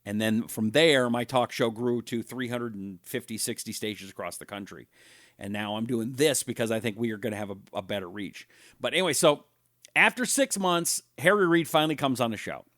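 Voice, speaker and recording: A man's voice: mid-range voice, brisk, fairly bright tone, no room sound, studio quality. A middle-aged man hosting a live talk show, telling anecdotes in a chatty way and reading viewer comments aloud. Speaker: radio talk show host.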